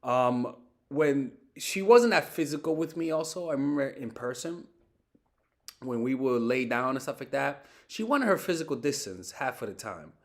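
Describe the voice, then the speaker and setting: A man's voice: medium pitch, normal speed. A young man giving casual dating advice in a monologue, swearing often and repeating himself as he talks. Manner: animated, swears often, repeats and restarts words. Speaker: dating coach.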